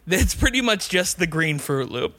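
A man's voice: sits high, sharp tone, no echo. A man hosting a casual podcast, enthusiastic and laughing often. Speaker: podcast host. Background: faint music.

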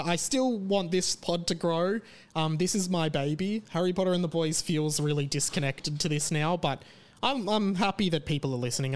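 Brief: chatty podcast host, fairly high voice, loose and rambling. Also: male voice, smooth. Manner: chatty, rambling plugs with fillers. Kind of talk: casual podcast chat.

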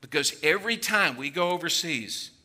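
An older man preaching a sermon, acting out worried voices, then dropping low to draw listeners in. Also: animated, normal speed, sharp tone. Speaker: pastor.

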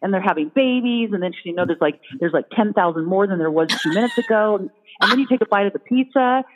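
A woman in casual conversation, telling an animated story and putting on playful little voices for imagined critters. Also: mid-range voice, fast. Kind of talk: casual chat. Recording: phone-like sound in a long-reverb hall.

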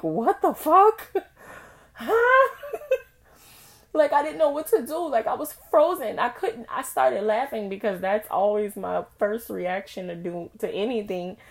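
A young woman hosting a podcast, telling a personal story in a candid, profane, animated way with frequent laughs. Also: medium pitch, creaky. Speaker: podcast host.

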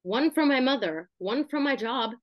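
A young woman on a podcast talks through her thoughts in a loose, chatty way, full of asides and filler words. Her voice sits a bit high, and the recording is dry and close. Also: expressive, normal speed, no room sound, highs cut off. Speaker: podcast co-host. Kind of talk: casual chat.

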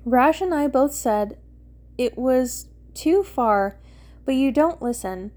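A woman's voice: sits high, lively intonation, takes it slowly, a little mellow. A woman voicing a nervous, defensive young man who rants anxiously in a story she reads aloud.

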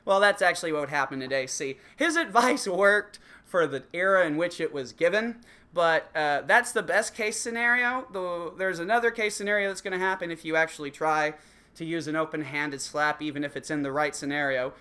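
A man's voice: fairly high pitch, normal speed, sharp tone, clear, resonant tone. A man delivering a profane, sarcastic comedic rant, swearing constantly. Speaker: comedic ranter.

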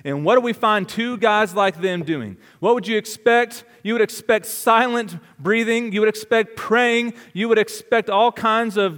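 High-voiced man preaching in a reverberant hall. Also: unhurried, few pauses. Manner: dramatic preaching with rhetorical questions, swinging between loud and hushed. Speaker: pastor. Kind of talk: sermon.

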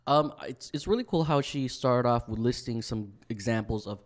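A man's voice: mid-range voice, normal speed. A man co-hosting a casual podcast, easygoing and conversational. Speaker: podcast co-host.

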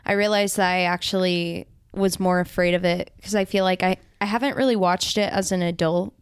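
Chatty young woman, smooth voice, dry. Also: lowish voice, steady tone, brisk, no room sound. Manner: chatty, filler-heavy, frequent "like". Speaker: podcast co-host. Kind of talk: casual chat. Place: studio. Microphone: handheld mic. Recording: dry close studio mic.

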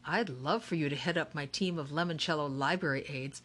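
A woman's voice: low voice, a little fast, fairly bright tone, breathy edge. A woman voicing an eccentric, cheerful game-maker man who speaks with grand, theatrical courtesy. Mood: grandly courteous.

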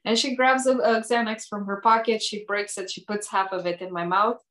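A woman who works as a hair educator, telling a personal story in conversation with lively delivery, frequent restarts and many "like" fillers. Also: mid-range voice, fairly quick, echoey room.

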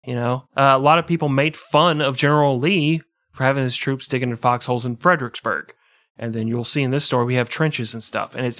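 A man co-hosting a casual history podcast, joking and riffing quickly. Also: medium pitch, a bit bright. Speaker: podcast co-host.

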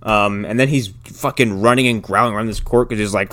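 A man's voice: lowish voice, steady tone, a little fast, hardly any pauses, fairly bright tone. Profane, rambling man recapping a movie. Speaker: podcast co-host. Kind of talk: casual movie recap chat.

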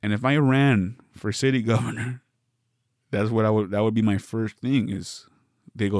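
A man's voice: fairly low pitch, steady tone, moderate pace, a little mellow, no room sound, clean studio sound. A man from the West Coast, hosting a solo podcast, riffing through a meandering, wry comedic monologue with many self-interruptions.

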